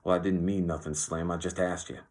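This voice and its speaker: A man's voice: sits low, little pitch movement, fairly quick, a little mellow, close to an everyday voice. A man voicing a small, hot-tempered young boxer who talks sharply and aggressively for an audiobook. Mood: defensive.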